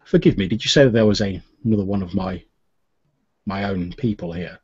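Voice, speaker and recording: A man doing a soft-spoken foreign masked stranger. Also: low voice, a little fast, breathy edge, lo-fi sound. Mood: grave, polite. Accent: slightly foreign-sounding. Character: quiet foreign masked male worshipper of fate.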